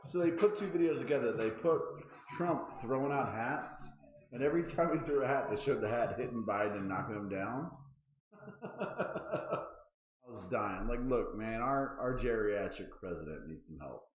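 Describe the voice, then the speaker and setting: A man's voice: medium pitch, animated, moderate pace, roomy sound, low-quality recording. A man in his thirties hosting a casual chat show, ranting with lots of swearing and exasperation. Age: 30s. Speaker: podcast host.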